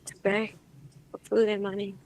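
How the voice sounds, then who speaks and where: A woman client under hypnosis describing what she sees in a hesitant, halting way, full of pauses. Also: mid-range voice, monotone, darkish tone, low-quality recording. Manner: hesitant, halting, dreamy speech with pauses and restarts.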